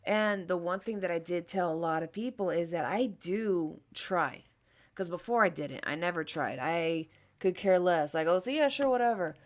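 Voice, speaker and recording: A woman's voice: lowish voice, normal speed. A woman in her thirties telling a casual storytime while doing her makeup, chatty and candid, swearing freely and acting out the people in her story. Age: 30s. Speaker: beauty vlogger.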